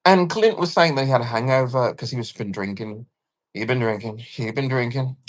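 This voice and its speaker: A woman livestreaming a casual rant, animated and sarcastic, swearing freely and swinging between loud bursts and hushed asides. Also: extremely low pitch, brisk. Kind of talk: casual live-stream rant.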